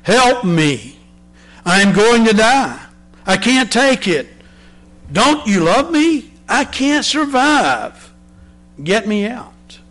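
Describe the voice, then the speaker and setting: A man's voice: big pitch swings, slow pace, fairly bright tone, heavily acted. A man voicing a delicate female teacup who begs and cries out in pain, with a raised, anguished voice. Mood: pleading. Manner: high anguished cries, begging.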